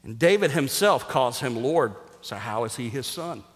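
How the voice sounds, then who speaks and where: A man preaching a sermon as pastor, energetic and jokey, sometimes rising almost to a shout for emphasis. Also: mid-range voice, moderate pace. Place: church sanctuary. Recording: reverberant hall.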